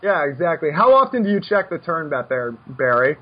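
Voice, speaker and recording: A man coaching poker in casual chat, brash and animated, given to joking rants. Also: fairly high pitch, fairly quick, husky, highs cut off.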